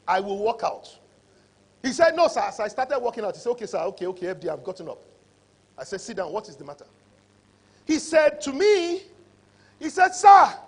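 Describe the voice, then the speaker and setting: A middle-aged man gives a motivational conference speech, telling a story and acting out the dialogue. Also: extremely high pitch. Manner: animated, acts out dialogue in stories. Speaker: conference speaker.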